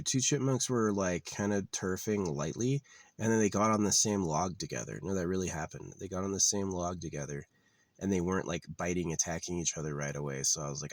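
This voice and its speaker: A man's voice: deep voice, brisk, no echo. A man talking in a casual, rambling monologue, blunt and profane with a wry edge. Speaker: vlogger. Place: living out of his car.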